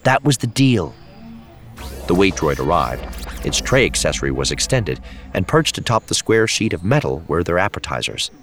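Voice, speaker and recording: A man narrating an audiobook in a measured, expressive way. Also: low voice, soft background music. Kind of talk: scripted narration.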